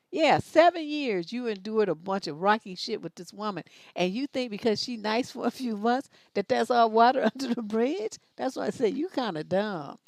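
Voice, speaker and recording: A woman's voice: medium pitch, dry recording. Blunt, scolding woman with dry sound. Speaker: advice show host. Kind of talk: livestream advice commentary.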